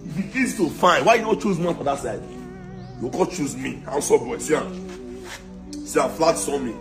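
Comic skit: a man as a boastful scammer, Nigerian accent, voice a touch high, taunting, music behind. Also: animated, normal speed. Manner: taunting and threatening. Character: boastful young male scammer who swindled his girlfriend. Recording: music playing under the voice.

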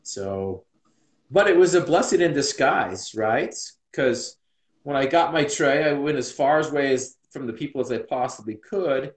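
A man's voice: mid-range voice, lively intonation, a little slow. Earnest man telling his story, roomy echo. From Utah, USA. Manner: earnest and reflective, many restarts. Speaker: interview guest. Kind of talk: personal storytelling in an interview.

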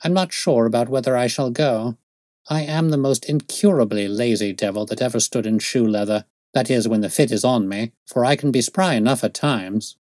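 A man voicing a self-assured detective who lectures in a crisp, raised voice as he reads a story aloud. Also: mid-range voice, normal speed, a little mellow, no echo, clean studio sound, close to an everyday voice. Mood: dismissive. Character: brisk, aloof male detective, self-assured.

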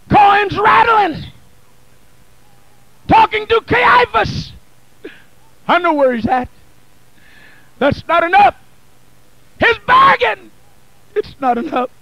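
A man who is a bishop, preaching a Pentecostal sermon in a church, with a rhythmic, chanted, shouting delivery, on an archival 1980 church recording. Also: very high voice, expressive, extremely slow, creaky, long pauses, dry recording, dull audio. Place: church sanctuary.

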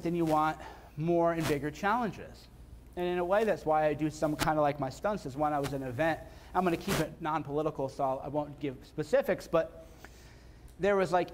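A man's voice: on the high side, slight background noise. A man speaking casually and bluntly to a live seminar audience, repeating points for emphasis. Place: seminar room before an audience.

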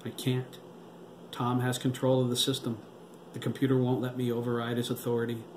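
A man's voice: mid-range voice, monotone, a little fast, close to an everyday voice. A man voicing a nervous woman scientist explaining she cannot override the system. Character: shaky female scientist under pressure. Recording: roomy with background noise.

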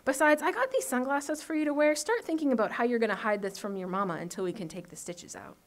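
A woman reading aloud and voicing an unsettlingly calm, bossy little girl who talks in a hushed, matter-of-fact way. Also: fairly high pitch, fast talker.

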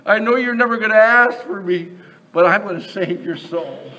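A preacher putting on the voice of a kindly savior, lifted a little higher than his own. He sounds tender and reassuring as he speaks to a lost man. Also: normal speed, bright, forceful tone, recorded from a distance, low-quality recording. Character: gentle male savior speaking kindly to a sinner.

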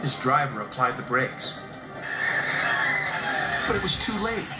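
A man narrates a children's storybook with an animated, expressive delivery. His pitch moves about a lot as he tells the story. The reading sounds roomy, with music playing underneath. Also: takes it slowly. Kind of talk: storybook read-aloud. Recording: roomy room with background music.

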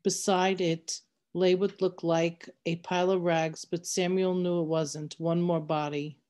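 A woman with a fairly low voice reads a novel aloud. Her narration is steady and measured, carrying the story along evenly. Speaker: reader.

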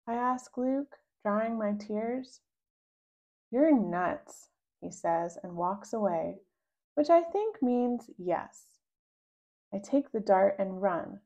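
A woman reading a children's book aloud, voicing the child narrator with sudden high, loud outbursts. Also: dull audio. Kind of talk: read-aloud storytelling.

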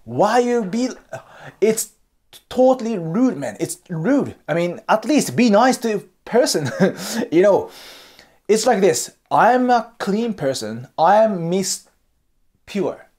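Japanese man, Japanese accent, casual advice host, highly animated pitch, swears and laughs often. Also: takes it slowly. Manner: blunt, frequent swearing and laughter. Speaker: host giving dating advice. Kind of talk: casual monologue.

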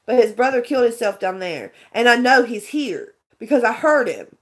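Woman, casual live vlogger, rambling earnest storyteller, slightly high voice. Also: animated, moderate pace. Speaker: vlogger chatting with viewers. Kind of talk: casual livestream chat.

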